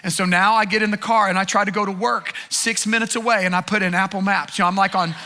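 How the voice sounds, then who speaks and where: A man's voice: sits high, fairly even intonation, fast, bright, forceful tone. A man pastor giving an earnest, conversational sermon with repeated phrases.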